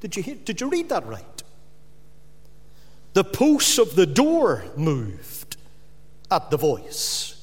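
High-voiced male preacher in a reverberant hall. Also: huge pitch swings, takes it slowly, pauses often. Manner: emphatic, rising to loud repeated stresses. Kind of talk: sermon.

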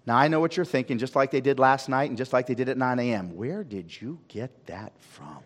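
A man preaching a sermon as pastor, swinging from loud calls to hushed asides. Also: mid-range voice, brisk, few pauses. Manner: preaching with sweeping rises and drops in volume. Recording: long reverb of a large hall.

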